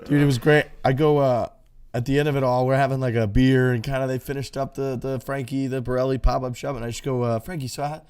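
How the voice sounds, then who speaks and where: A man co-hosting a podcast, talking in a relaxed, rambling way with many fillers, including a loose sponsor read. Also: mid-range voice, fast talker, clean tone. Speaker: podcast co-host.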